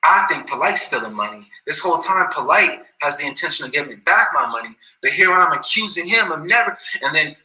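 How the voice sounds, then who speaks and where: A man's voice: a little high, animated, fairly quick, hardly any pauses, sharp tone. A man telling a story in a casual, rambling way, full of slang and repeated phrases, in an echoey room.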